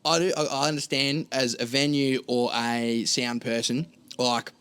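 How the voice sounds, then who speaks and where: A man's voice: mid-range voice, little pitch movement, unhurried, fairly bright tone, clean tone. An Australian man, a singer and guest in a casual chat, blunt and ranting.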